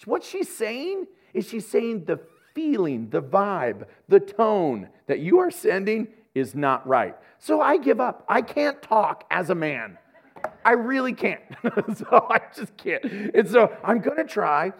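A man's voice: high-pitched, takes it slowly, vocal fry, breathy edge. A man preaching a sermon as pastor, speaking passionately and acting out the voices of the people he quotes. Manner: animated, jumps between soft asides and loud bursts.

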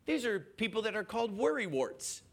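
A man preaching a sermon in an animated way, questioning his listeners and chuckling as he goes. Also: sits high, a little fast. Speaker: pastor.

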